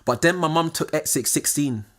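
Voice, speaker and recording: A man, telling a scripted personal story, moving from quiet confiding tones to excited exclamations. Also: fairly high pitch, moderate pace.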